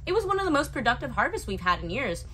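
A woman with a bright, fairly high voice that moves around a lot. She presents dive trips in a casual newsletter style and adds dry asides. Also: quick pace. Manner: animated, with wry asides. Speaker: dive shop co-host. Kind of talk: casual promotional newsletter chat.

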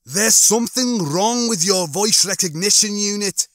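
A man voicing Lister, a panicky young male spacefarer of twenty-five, with shrill, exasperated outbursts. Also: very animated, unhurried, bright, forceful tone, no echo, studio quality, heavily acted.

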